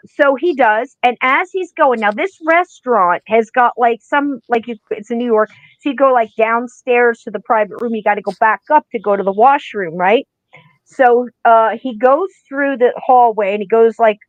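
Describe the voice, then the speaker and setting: A fairly high-voiced woman retells a story in a chatty, animated podcast style, jumping into the voices of the people in it. The sound is close and dry, with dull, muffled highs. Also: dry recording. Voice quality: animated, acts out quoted voices. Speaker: podcast co-host. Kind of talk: casual storytelling chat.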